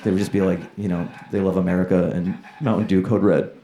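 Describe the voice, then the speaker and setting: On a comedy club stage, a man performs stand-up, chatting loosely with the crowd and acting out voices. His deep voice comes quick and flat, and the roomy club recording is noisy with a laughing audience.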